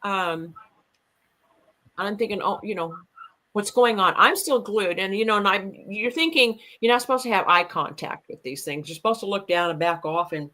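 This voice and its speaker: Brief: woman guest, mid-pitched, bright tone, rambling storyteller. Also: expressive, normal speed, poor audio. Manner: earnest, rambling, with fillers and restarts. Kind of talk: casual storytelling of an encounter.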